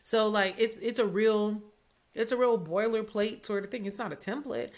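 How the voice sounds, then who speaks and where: She's a young podcast host from Atlanta, USA, with a medium-pitched, darkish voice and a moderate pace. Her talk is casual and frank, loaded with "like."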